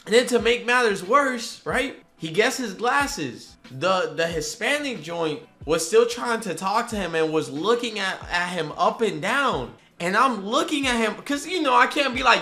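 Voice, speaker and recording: A young man tells a casual story straight to the camera, full of slang and quick asides. His voice is bright and sits a little high. It jumps even higher whenever he acts out his disbelief. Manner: animated, slangy storytelling that rises high when excited. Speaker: vlogger.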